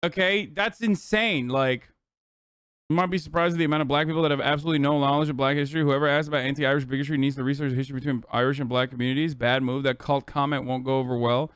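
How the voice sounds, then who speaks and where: A man streaming a casual reaction, ranting in an exasperated, profane and animated way. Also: medium pitch, fast, clean tone, no echo, clean studio sound.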